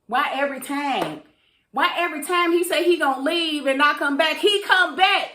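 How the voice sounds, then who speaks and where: A woman's voice: high voice, echoey room, a little hiss or hum. Sassy woman recapping a TV episode. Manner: chatty, sassy, animated, with quick quoted asides. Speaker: TV episode reviewer. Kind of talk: casual recap and commentary.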